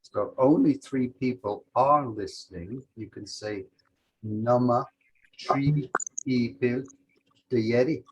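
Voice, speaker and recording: A man's voice: medium pitch, takes it slowly, slight background noise, rough recording. A man teaching a language lesson over a video call, methodically walking through example sentences step by step.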